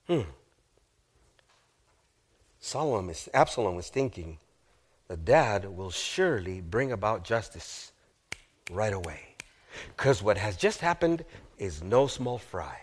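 A male pastor preaching a sermon, retelling a story with drama, asking the audience questions and dropping to a hushed voice at grave moments. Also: lowish voice, very animated, slow, long pauses, breathy edge. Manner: dramatic, acts out the figures in quoted lines, asks the audience questions.

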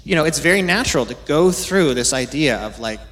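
A man's voice: on the high side, expressive, fairly quick, a bit bright. Conversational man preaching a sermon. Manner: conversational, acts out voices in quotes. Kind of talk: sermon, Bible teaching.

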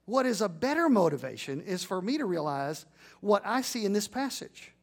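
High-voiced preaching man. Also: very animated, moderate pace, creaky. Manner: preaching with rising emphatic peaks and call-and-response. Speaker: pastor. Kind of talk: sermon.

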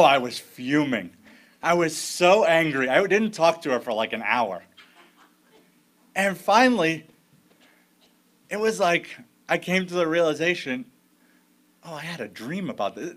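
A man's voice: mid-range voice, a bit bright. A man preaching a sermon as pastor, in a conversational storytelling way with frequent restarts.

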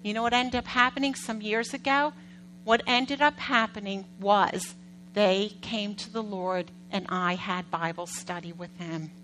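Bright-voiced woman preaching with animated stories. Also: medium pitch, measured pace, a little hiss or hum, poor audio. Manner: animated, acts out quotes, asks the congregation questions. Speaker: pastor. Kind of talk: conversational sermon storytelling.

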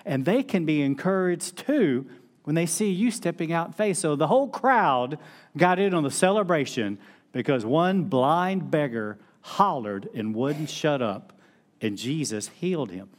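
A middle-aged man delivers a sermon like he's telling friends a story. His voice sits slightly high for a man, and he slips into acted-out quotes as he goes. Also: animated, a little slow. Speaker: pastor.

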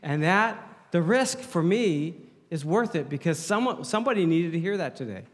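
A man's voice: high voice, expressive, normal speed. A man preaching a sermon as pastor, playful and joking with the congregation, speaking into a handheld mic. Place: church hall. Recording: hall reverb.

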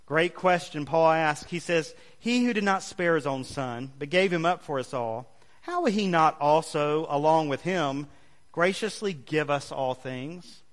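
A male pastor preaching a sermon, leading the congregation in call-and-response with emphatic, drawn-out phrases. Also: fairly high pitch, lively intonation. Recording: long hall reverb.

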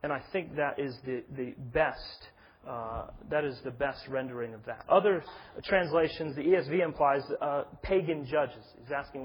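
A man's voice: medium pitch, moderate pace, dull audio, slight background noise. A man preaching an expository sermon, earnest and building to emphatic stress. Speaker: pastor.

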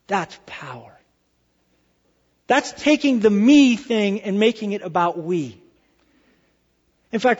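A male pastor preaching a sermon, telling a personal story in an animated way and dropping to hushed tones for effect. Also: high voice, big-room sound, highs cut off.

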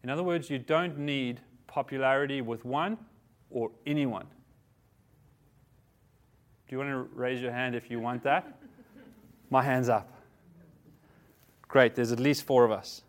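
A man's voice: medium pitch, fairly even intonation, unhurried, long pauses. A man giving a conversational sermon, often asking his listeners questions and stopping to correct himself. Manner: conversational preaching, asks the congregation questions; self-correcting, repeats words. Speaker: pastor.

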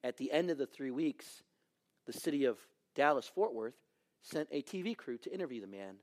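A middle-aged man, a pastor, preaching a sermon and swinging from hushed lines to shouting. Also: medium pitch, big pitch swings, moderate pace.

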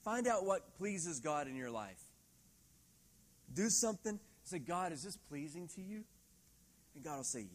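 A middle-aged man preaching a sermon in a church hall, lively and laughing often, acting out quoted voices. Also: on the high side, unhurried, pauses often. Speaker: pastor.

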